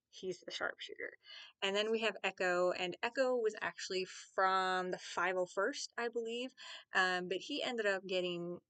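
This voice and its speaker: A woman's voice: medium pitch, fairly bright tone, clear, resonant tone, no room sound. A woman vlogger chatting casually to camera, rambling, enthusiastic and often correcting herself. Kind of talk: casual fan chat to camera.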